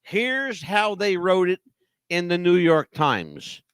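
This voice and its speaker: A man's voice: high voice, sing-song, slow pace, fairly bright tone, clean tone, dry recording, clean studio sound. A man hosting talk radio, telling a story dramatically with rhetorical questions. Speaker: radio host.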